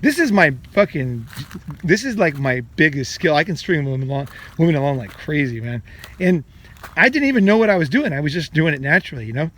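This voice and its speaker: A man's voice: fairly high pitch, very animated, a little fast, a bit bright. A middle-aged man hosting a podcast, giving dating advice in a rambling, blunt monologue full of swearing. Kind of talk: casual monologue.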